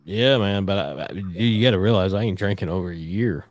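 Deep-voiced podcast host in relaxed chat. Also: male voice, fairly quick, dry recording. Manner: relaxed and profane. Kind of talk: casual chat.

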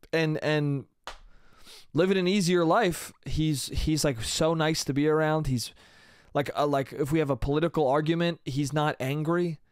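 Young male comic, solo podcast ramble, raised pitch, dead-dry close mic, loose and profane. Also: no echo. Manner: rambling, casual, swears a lot, trails off with "I don't know". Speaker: podcast host. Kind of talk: solo comedic podcast monologue.

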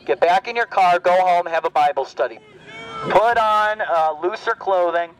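A man with a high voice preaches outdoors on a city street, calling out passers-by one at a time. He mocks their costumes and repeats every line twice or more, hammering each point home. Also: moderate pace, background noise. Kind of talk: open-air street preaching.

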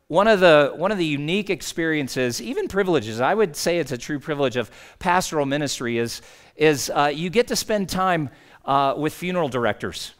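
A man's voice: fairly high pitch, animated, a little fast. A male pastor preaching a sermon in a conversational, anecdotal way.

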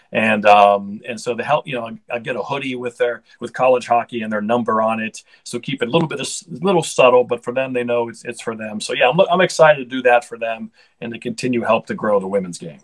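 A man's voice: medium pitch, poor audio. A middle-aged man, a hockey broadcaster, chatting casually in an interview with an upbeat, rambling manner and frequent restarts.

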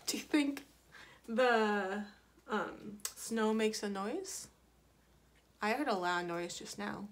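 A woman reads a picture book aloud to children playfully, asking them questions, acting out the sound effects and making small asides and corrections along the way. Her voice is medium-pitched and slow, with long pauses and a little hiss or hum.

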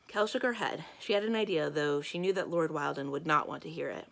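A woman librarian reading a children's book aloud in calm, steady narration. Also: deep voice, brisk, gravelly, few pauses.

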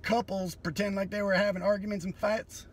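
A man doing a profane, sardonic comedy monologue that breaks into sudden loud bursts. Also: high-pitched, level tone, fairly quick, slight background noise.

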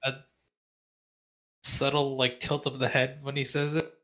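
Man, tabletop player, casual, joking, swears a lot, mid pitch. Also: little pitch movement, a little slow, a bit bright. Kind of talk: casual tabletop game play.

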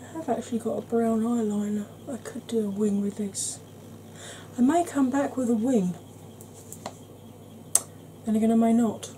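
A woman chatting gently through an ASMR makeup tutorial, calling viewers "darling". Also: mid-range voice, a little hiss or hum. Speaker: beauty vlogger.

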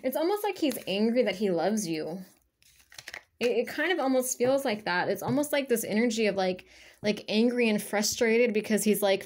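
A woman's voice: a little high, lively intonation, normal speed, a little mellow. A woman giving a casual spiritual energy reading to her viewers. She rambles, leans heavily on fillers and talks bluntly, with swearing. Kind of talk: casual spoken reading to camera.

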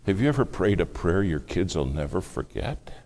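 A man preaching a sermon, telling a family story with hushed asides and louder bursts. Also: sits low, very animated, moderate pace. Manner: dramatic storytelling, acts out quoted speech, shifts between hushed and loud.

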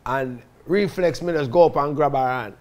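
A man with a Jamaican Patois accent telling stories from his own life in a lively, dramatic way, often calling out to his listeners. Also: mid-range voice, normal speed. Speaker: storyteller recounting his life. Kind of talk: casual spoken autobiography.

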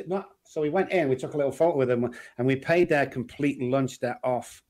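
Man, middle-aged, Manchester accent, animated storyteller, interview guest. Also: mid-range voice, a little fast, few pauses. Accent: Manchester English. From England. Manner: animated storyteller, acts out quoted voices. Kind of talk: casual interview chat.

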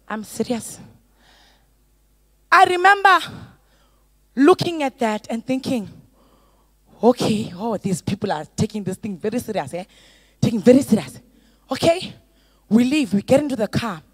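A middle-aged woman pastor preaching a sermon, moving from soft storytelling to loud, drawn-out exhortation. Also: a little high, sing-song, dry recording.

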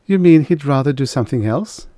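A man's voice: medium pitch, expressive, a little fast, dark tone, no echo, clean studio sound, pitched above the performer's own voice, lightly acted. A man voicing a prim, severe middle-aged female schoolteacher who speaks icily and precisely. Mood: icy, prim.

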